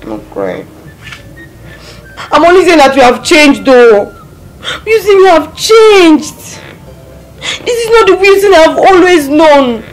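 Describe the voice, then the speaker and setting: A crying nigerian wife, high voice, slow pleading, film music low behind. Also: female voice, huge pitch swings, heavily acted, poor audio. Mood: tearful. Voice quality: tearful, pleading. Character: childless wife pleading, grieving, desperate. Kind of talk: Nollywood film acting.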